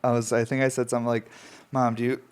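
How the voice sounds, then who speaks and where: A young man from upstate New York, stoned and sniffling, rambles through stories on his own podcast at a mid-range pitch. He coughs now and then and swears freely, drifting from one story to the next in a loose, unscripted way. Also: level tone, quick pace, darkish tone, smooth. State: stoned, runny nose. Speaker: podcast host. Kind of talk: casual rambling monologue.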